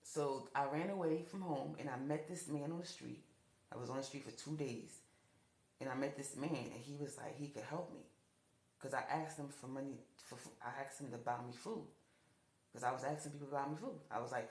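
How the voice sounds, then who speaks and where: A woman telling her own life story to camera, repeating herself and rising in pitch when upset. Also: a little fast, a little mellow. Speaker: TikTok storyteller. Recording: echoey room.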